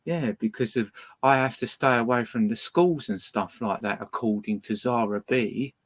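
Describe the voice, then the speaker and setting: A man's voice: mid-range voice, normal speed, low-quality recording. A man hosting a casual livestream from a boat, ranting angrily and swearing at viewers between records. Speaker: livestream host playing records. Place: indoors on a boat.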